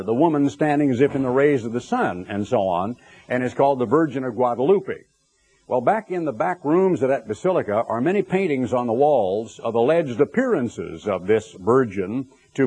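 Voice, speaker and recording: A man's voice: medium pitch, darkish tone. A middle-aged man preaching a sermon, telling stories with conversational asides to the congregation.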